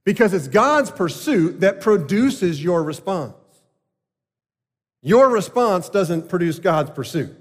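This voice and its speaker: A man preaching a sermon as a pastor, earnest and emphatic, with deliberate pauses. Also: high-pitched, big pitch swings. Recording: long hall reverb.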